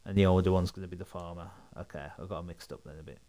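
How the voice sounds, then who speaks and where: Lowish-voiced man chatting over gameplay. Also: steady tone, fast, warm tone, low-quality recording. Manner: joking, chatty. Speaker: streamer. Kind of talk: casual gameplay commentary.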